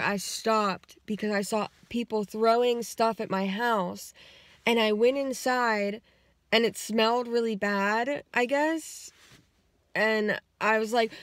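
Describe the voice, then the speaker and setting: A woman's voice: fairly high pitch, dry recording. Rambling woman vlogger in her car. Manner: rambling and animated, acts out quotes, swears freely. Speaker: vlogger retelling her dreams. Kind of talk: casual storytelling.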